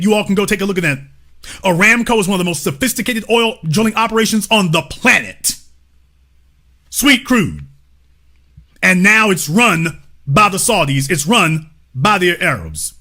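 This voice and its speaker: A man's voice: high voice, pushed and bright. A man hosting a livestream, giving emphatic, profane opinion commentary and talking straight to his chat. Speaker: livestream host.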